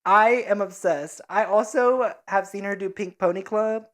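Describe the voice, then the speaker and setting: A woman's voice: medium pitch, unhurried. A woman hosting a casual podcast, jokey and crude, poking fun at herself. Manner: jokey, crude, self-mocking. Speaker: podcast host. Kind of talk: casual chat.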